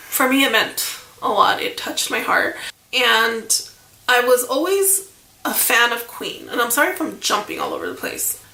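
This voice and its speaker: Brief: higher-pitched woman vlogger, rambling casual storytime, echoey room. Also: creaky, pushed and bright. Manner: rambling, chatty, many fillers and asides. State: emotional, near tears.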